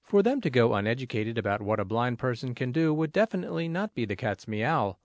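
Lively-voiced man reading a personal essay. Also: medium pitch, a little fast, no room sound, clean studio sound. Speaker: reader.

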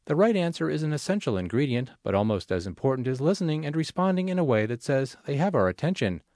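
A man reading a magazine article aloud in a measured, expressive way, as scripted narration. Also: a little high, dry recording, studio quality.

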